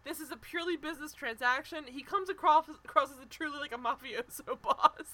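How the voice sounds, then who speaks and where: A young woman co-hosting a podcast, chatting casually about a reality show, animated and full of "like" and quick restarts. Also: high voice. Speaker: podcast co-host.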